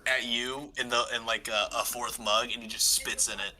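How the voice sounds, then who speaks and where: A man's voice: mid-range voice, fairly even intonation, moderate pace, pushed and bright. A man running a tabletop game as game master, describing scenes in a loose, rambling way full of "like" and restarts.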